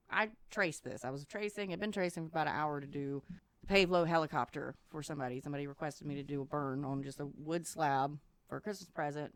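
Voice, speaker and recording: Her voice is on the low side and a bit bright, with no room sound. She's a podcast co-host who rambles through stories in casual chat, laughing often.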